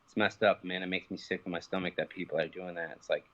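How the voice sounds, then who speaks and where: A man's voice: low-pitched, steady tone, fast, dull audio. A young man being interviewed, telling an angry story full of swearing and fillers. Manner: heated, profane storytelling with many fillers. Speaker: interview guest, professional fighter. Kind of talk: casual phone interview.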